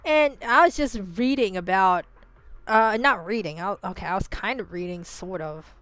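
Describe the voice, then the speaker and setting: A woman's voice: mid-range voice, moderate pace, fairly bright tone, no echo. A woman streaming a game and chatting casually with her viewers, rambling and swearing freely, with many "like" fillers and restarts. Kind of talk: casual live-stream chat while gaming.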